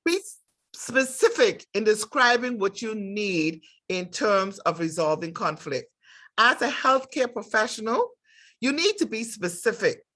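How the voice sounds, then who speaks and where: A woman's voice: medium pitch, big pitch swings, unhurried, fairly bright tone. Middle-aged woman, direct instructor, emphatic lecture delivery. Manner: emphatic, direct, acts out workplace dialogues. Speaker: nursing instructor. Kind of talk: lecture with acted examples.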